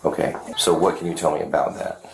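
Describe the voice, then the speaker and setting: A police officer with a very low voice asks questions calmly and haltingly. The body camera audio is echoey, with clear noise behind him. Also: male voice. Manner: calm, hesitant, repetitive questioning.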